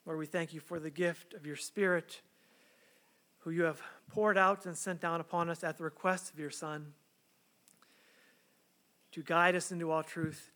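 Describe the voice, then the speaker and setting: A pastor with a slightly high voice preaches a sermon. He reads scripture aloud and prays, then shifts into an earnest, conversational style full of rhetorical questions.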